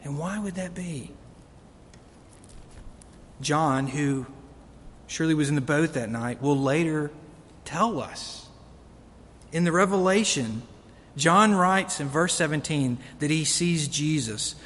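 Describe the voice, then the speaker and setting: A man's voice: slow pace, long pauses, a bit bright. A man preaching a sermon earnestly, building to emphatic peaks. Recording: long reverb of a hall, faint rumble.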